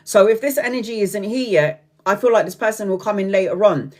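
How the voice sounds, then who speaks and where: A woman's voice: mid-range voice, a little fast. A woman in her forties from Brazil, reading tarot on a live stream, blunt and chatty, swearing freely and laughing often. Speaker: tarot reader.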